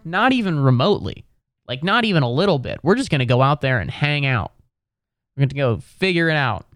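A man's voice: fairly high pitch, lively intonation, brisk, fairly bright tone, no room sound, studio quality. A man doing a rambling, exasperated stand-up routine, swearing freely. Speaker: comedian. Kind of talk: stand-up comedy monologue.

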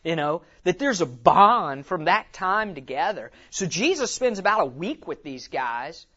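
A man giving an animated teaching talk at a conference. He tells it like a story, acts out quotes and often says "you know". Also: high voice, unhurried, husky, muffled recording. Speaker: conference speaker.

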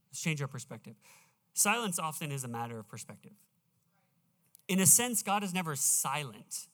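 A man preaching in a church sanctuary, his somewhat high voice carrying a long reverb tail through the hall. He talks earnestly and stretches out his scripture readings slowly and with weight. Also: fairly bright tone. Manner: earnest, slows down to read scripture emphatically. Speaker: pastor. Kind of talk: sermon.

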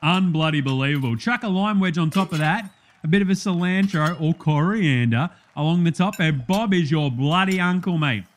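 A man's voice: on the high side, moderate pace, close to an everyday voice. A man doing a rowdy Aussie TV cook. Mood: boisterous. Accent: Australian. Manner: rowdy, blokey, swears casually, laughs a lot. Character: brash ocker male TV cooking show host. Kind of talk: comedy sketch parody of a cooking show.

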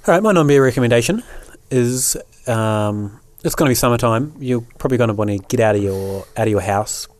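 Relaxed New man chatting. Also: mid-range voice, brisk, hardly any pauses, no echo. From New Zealand. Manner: relaxed, rambling with many fillers. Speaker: podcast co-host. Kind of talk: casual chat.

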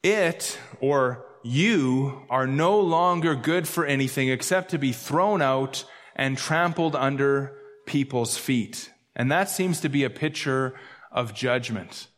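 A man preaching a sermon as pastor, emphatic, repeating key phrases and slowing down to stress them. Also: mid-range voice, fairly bright tone, long reverb tail.

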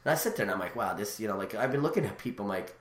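A man with a very low voice talks quickly and excitedly, piling up stories with plenty of restarts and asides. His casual chat is recorded in a noticeably echoey room. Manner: rambling, animated storyteller with many restarts. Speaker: guest.

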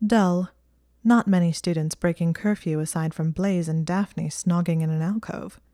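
A woman's voice: on the low side, steady tone, moderate pace, mellow, dry recording, studio quality, lightly acted. A woman voicing a clever, stubborn teenage witch girl who speaks in an earnest, clipped, defensive way. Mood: wry.

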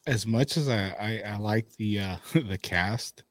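Low, soft-spoken male co-host. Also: a little slow, dry recording, clean studio sound. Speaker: podcast co-host. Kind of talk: casual chat.

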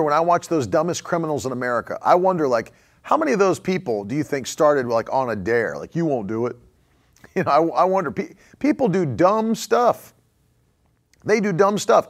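A man's voice: on the high side, creaky. A man preaching a conversational sermon as a pastor. He repeats phrases for emphasis and chuckles often.

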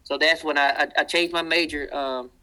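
A man with a thick Southern accent tells stories in a relaxed interview, his voice bright and forward. He is animated and slips into the voices of the people he quotes. He sounds like a man in his thirties. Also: on the high side, normal speed, rough recording. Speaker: guest. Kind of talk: casual storytelling interview.

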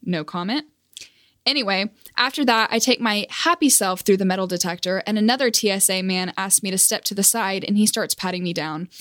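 A woman's voice: medium pitch, a little fast, fairly bright tone, no room sound, studio quality. A young woman telling a casual storytime monologue as a vlogger, self-deprecating and awkward, laughing at herself.

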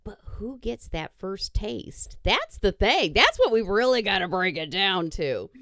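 Bawdy woman podcast host, lively voice. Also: medium pitch, a little slow, no room sound, clean studio sound. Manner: bawdy, laughing, self-mocking. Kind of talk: casual chat.

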